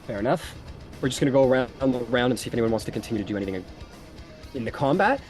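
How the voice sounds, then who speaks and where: A man's voice: mid-range voice, lively intonation, very fast, darkish tone. A man narrating a tabletop game as game master, in a loose, casual style full of fillers. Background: faint background music.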